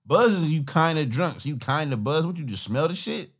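Podcast host, a man with a fairly high, very lively voice, casual slangy reaction talk, faint music underneath. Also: a little fast, husky. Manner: profane, laughing, rambling slang.

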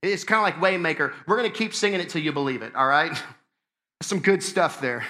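Pastor guy preaching, high bright voice, gets loud then goes real quiet. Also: a little fast. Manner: impassioned, conversational, swings between loud and hushed. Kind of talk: sermon.

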